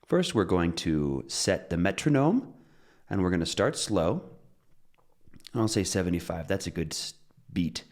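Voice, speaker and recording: A man teaching an English pronunciation lesson, upbeat and explaining step by step, reading short rhymes in a steady beat. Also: sits low, a little slow, pauses often.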